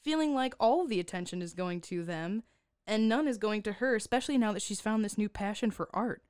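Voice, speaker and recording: Chatty giggly woman on a podcast, smooth clear voice, dry close sound. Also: mid-range voice, brisk, a little mellow, dry recording. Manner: giggly, chatty, laughs often. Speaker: podcast co-host. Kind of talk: casual chat recapping a movie.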